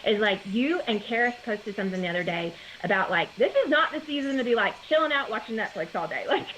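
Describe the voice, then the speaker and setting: A woman's voice: on the high side, animated, fast talker, fairly bright tone, slight background noise, rough recording. A woman in her forties, a guest talking earnestly in casual conversation over a video call, with many fillers.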